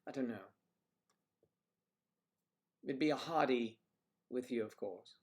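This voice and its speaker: A man's voice: medium pitch, takes it slowly. A man hosting a casual livestream, chatting and telling rambling stories. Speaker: livestream host.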